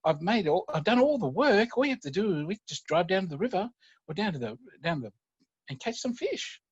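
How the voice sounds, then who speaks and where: Man doing a little kid of six or so, squeaky-high and bouncing with excitement, begging dad to go fishing, all dry and a bit muffled. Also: brisk, slightly rough, no echo, full character voice. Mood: eager. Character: eager excited young boy, about six.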